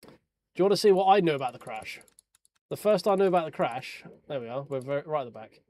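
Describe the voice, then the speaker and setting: A man's voice: fairly high pitch, animated, fast, a little mellow, a little hiss or hum. A man streaming sim racing, chatting casually with viewers over race replays in a joking, sweary way. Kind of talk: casual live-stream chat while reviewing race replays.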